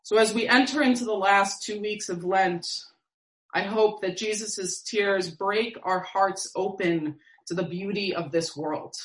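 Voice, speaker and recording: A woman preacher giving a sermon in a slow, measured, reflective way with long pauses. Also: mid-range voice, reverberant, low-quality recording.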